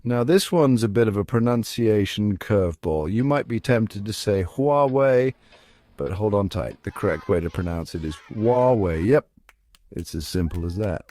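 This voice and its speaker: A man giving scripted, upbeat narration as a pronunciation guide, coaxing the listener and slowing down to spell out each word. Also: fairly low pitch, animated, mellow.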